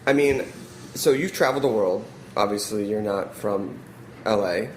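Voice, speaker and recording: A man's voice: on the low side, normal speed, echoey room, a little hiss or hum. A man hosting a radio interview, asking long, winding questions. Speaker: radio show host.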